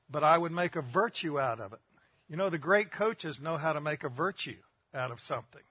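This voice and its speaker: Older male preacher, folksy storyteller, slightly high husky voice. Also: expressive, a little fast, dry recording, dull audio. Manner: folksy storytelling, rhetorical questions. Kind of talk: sermon.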